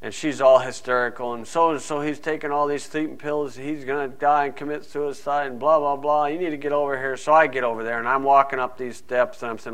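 A man's voice: mid-range voice, steady tone, fairly quick, few pauses, a bit bright. A man preaching a folksy, conversational sermon full of asides. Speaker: pastor.

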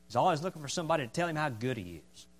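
A man preaching a sermon with a lively, swinging pitch and a slightly high voice. He is emphatic and drives points home by repeating them. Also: racing. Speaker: pastor.

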